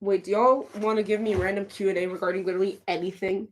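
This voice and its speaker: A woman streamer chatting casually with her live chat. She answers questions on the fly, talks in a loose, chatty way and often restarts with a flustered laugh in her voice. Her voice sits at an ordinary middle pitch. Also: little pitch movement, fast, slight background noise.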